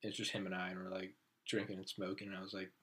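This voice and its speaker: A man in his thirties hosting a podcast, telling stories in casual chat and jumping into a higher voice to act out his friends. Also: fast talker, breathy edge. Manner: animated, acts out quoted friends with raised pitch. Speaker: podcast host.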